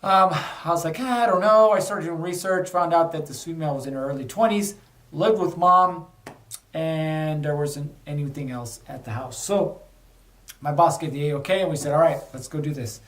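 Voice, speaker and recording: A man's voice: a little high, moderate pace, fairly bright tone. A middle-aged man, a podcast host, telling a candid personal story with a lesson, in a casual conversational way. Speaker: podcast host, former undercover officer. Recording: echoey room, a bit far from mic.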